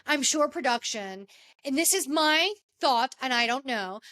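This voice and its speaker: Woman, podcast host, casual recap chat, emphatic, indignant, slightly high pitch. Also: lively intonation, measured pace, pushed and bright. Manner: emphatic, indignant, addresses people directly.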